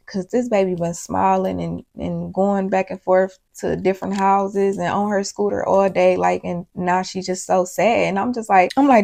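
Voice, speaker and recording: Young woman vlogger, gravelly voice, rambling storytime straight to camera. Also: mid-range voice, fairly even intonation, normal speed, a little mellow. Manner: rambling, emotional, talks straight to viewers. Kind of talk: casual storytime.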